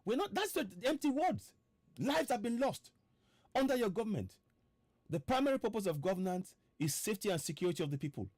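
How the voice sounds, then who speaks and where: A man's voice: high voice, big pitch swings, a little fast, a little mellow, no echo, studio quality. A man with a Nigerian accent hosting an impassioned online broadcast, firing off repeated rhetorical questions with stammering restarts. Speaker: political activist host.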